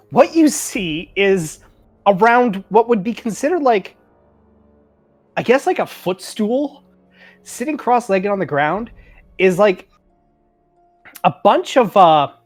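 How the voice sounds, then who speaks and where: A Canadian woman narrating a tabletop game as game master, rambling with lots of fillers and laughing at herself. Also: medium pitch.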